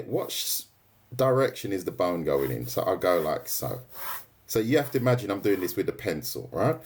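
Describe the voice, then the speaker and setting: Chatty man teaching drawing, lively. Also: on the low side. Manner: casual, chatty, laughs easily, says "right?" and "mate" often. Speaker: art tutor streaming live. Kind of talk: live drawing tutorial, chatting with viewers.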